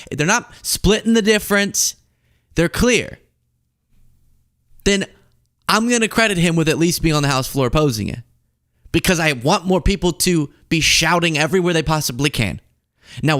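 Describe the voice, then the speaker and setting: A man from the American South hosting a casual political commentary show, animated and jokey as he reads chat comments. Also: dry recording, clean studio sound. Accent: General American, Southern accent mostly lost. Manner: animated, jokey, rapid shifts in pitch.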